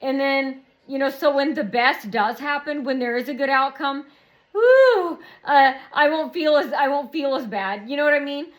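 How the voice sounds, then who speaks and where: High-voiced woman rambling in a vlog. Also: normal speed, hardly any pauses, a bit bright. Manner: rambling and repetitive, circling back often. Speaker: vlogger. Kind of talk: rambling personal monologue.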